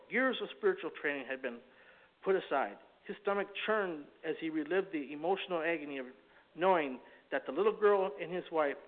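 A man preaching a sermon, reading a story from a book aloud in a halting, earnest way before speaking in his own words. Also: fairly high pitch. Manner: halting, earnest reading with frequent self-corrections. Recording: tinny phone-like recording.

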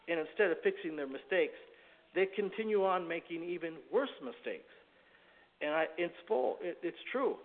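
A man preaching a sermon, reading a story from a book aloud in a halting, earnest way before speaking in his own words. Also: a little high. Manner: halting, earnest reading with frequent self-corrections. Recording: tinny phone-like recording.

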